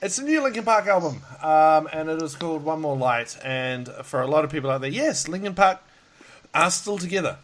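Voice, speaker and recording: A man chats loosely as a podcast host, sounding worn out. He rambles, laughs often and swears without a second thought. His voice sits a little high for a man. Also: expressive, fairly quick, a bit bright. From Australia. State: tired. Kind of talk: casual chat. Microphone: video call.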